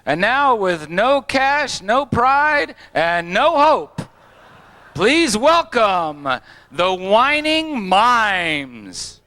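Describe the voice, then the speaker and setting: A man's voice: high-pitched, very animated, very slow, bright, forceful tone. A man emceeing a festival show, introducing the next act. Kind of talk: stage introductions. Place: outdoor festival stage.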